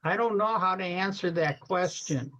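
A woman from Detroit answering a question in a thoughtful, unhurried way with fillers. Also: on the low side, a bit bright, rough recording. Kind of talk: casual chat.

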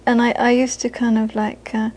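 High-voiced woman teaching Buddhism. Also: monotone, normal speed, darkish tone, rough recording. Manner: earnest, repeats phrases for emphasis, laughs while telling stories. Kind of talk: live dharma talk to an audience.

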